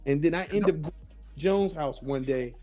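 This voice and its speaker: Male host, casual storyteller who swears and does the voices; warm tone, light music bed. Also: on the high side, normal speed. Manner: storytelling, swears freely, acts out quotes. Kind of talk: casual chat.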